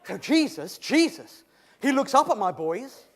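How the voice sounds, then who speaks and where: A man's voice: very high-pitched, very animated, a little slow, fairly bright tone, heavily acted. A man playing a cheerful once-lame man in a comic theatrical monologue, stammering and chuckling as he tells his tale. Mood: chatty, comic. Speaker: actor in a monologue.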